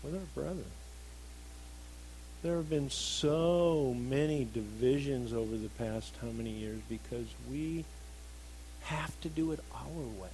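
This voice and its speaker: A middle-aged man preaching a sermon, earnest, moving between emphatic stresses and soft, reflective passages. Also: medium pitch, measured pace, a little hiss or hum, low-quality recording.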